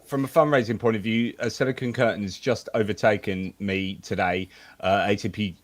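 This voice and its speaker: Teasing stream guest, low voice. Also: male voice, fairly even intonation, normal speed. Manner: competitive, teasing. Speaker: livestream guest. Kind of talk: casual chat.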